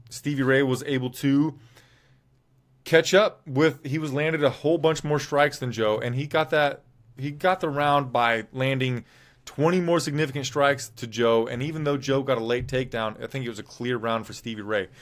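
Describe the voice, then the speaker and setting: Casting note: man, mid-pitched voice, loose unscripted fight recap, opinionated and rambling, stops to correct himself. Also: a bit bright. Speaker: MMA show host. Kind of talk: casual fight recap commentary.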